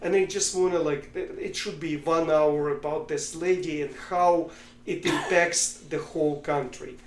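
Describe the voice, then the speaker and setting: A man co-hosting a podcast, talking politics casually in a halting way and telling jokes. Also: on the high side, steady tone, reverberant. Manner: halting, with many fillers and restarts, telling jokes. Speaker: podcast co-host.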